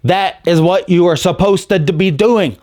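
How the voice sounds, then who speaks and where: A man's voice: high voice, normal speed, a little mellow, dry recording, studio quality. A man hosting a sports podcast, chatting in a rambling, candid, opinionated way. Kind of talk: casual opinionated chat.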